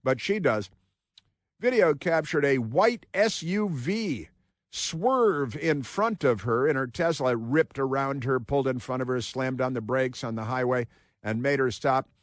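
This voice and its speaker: A man's voice: mid-range voice, expressive, measured pace, no room sound, studio quality. A man hosting a talk radio show, delivering an opinionated monologue with combative, sarcastic asides.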